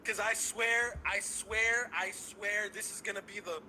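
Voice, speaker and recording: A man calling into a show, ranting with loud, cocky excitement and swearing. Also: sits high, a little slow, a little hiss or hum, low-quality recording. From San Francisco Bay Area. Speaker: caller. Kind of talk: hyped fan call-in rant.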